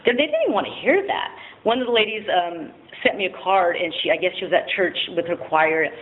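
A woman's voice: lowish voice, animated, fast talker. A woman giving a candid personal testimony at a recovery meeting, frank and self-mocking, laughing often and swearing casually. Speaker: speaker sharing at a recovery meeting. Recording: tinny phone-like audio with faint noise.

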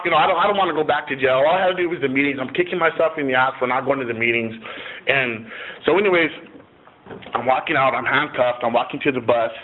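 Speaking a little fast in a mid-range voice, a middle-aged man rambles through a personal recovery story, swearing casually and leaning on "you know" a lot. The recording has a tinny, phone-like tone and faint hiss.

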